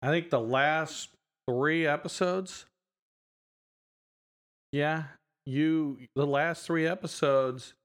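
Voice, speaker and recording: A man's voice: fairly high pitch, takes it slowly, pauses often, a bit bright. A man co-hosting a podcast in casual chat, talking about a show with many restarts and frequent laughs. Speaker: podcast co-host.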